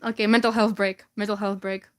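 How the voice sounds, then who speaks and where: A woman's voice: medium pitch, little pitch movement, a little fast. A young woman casually reading her old fanfiction aloud for laughs, giggling and stumbling over the words.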